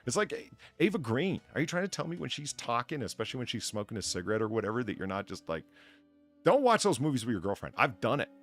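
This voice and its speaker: A man's voice: mid-range voice, very animated, fast talker, fairly bright tone, soft background music. A man hosting a podcast, rambling and cursing through crude comedic banter with lots of stammering restarts. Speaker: podcast host.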